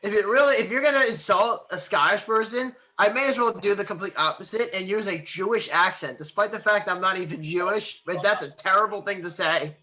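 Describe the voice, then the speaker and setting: A man with a high, sharp, very bright voice, rambling through casual podcast banter and laughing at his own jokes. He talks loosely and teasingly. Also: brisk, hardly any pauses, dull audio. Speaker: podcast co-host.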